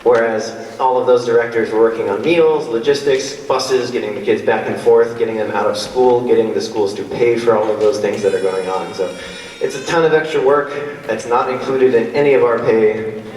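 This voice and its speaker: A man's voice: medium pitch, fairly even intonation, normal speed, darkish tone, slight background noise. A slightly winded man addresses a concert crowd as the conductor, chatty and full of small restarts. His voice is picked up from a distance in a big, echoey school gym with a long reverb tail. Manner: friendly, rambling, with fillers and restarts. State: a little out of breath. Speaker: band conductor. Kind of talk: spoken concert introduction. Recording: echoey gym heard from far off.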